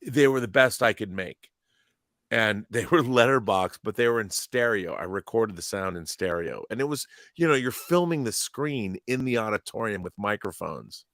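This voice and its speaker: A man in his fifties, co-hosting a podcast, telling blunt, lively stories and acting out the dialogue in them. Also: fairly low pitch, dry recording, studio quality. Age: 50s. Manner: animated anecdotes, blunt, acts out dialogue. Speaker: podcast co-host. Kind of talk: casual storytelling chat.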